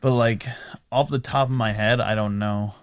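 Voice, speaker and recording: A man's voice: on the low side, steady tone, normal speed, clear, resonant tone, no echo. A man co-hosting a podcast in casual chat, hesitantly thinking aloud with lots of fillers. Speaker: podcast co-host.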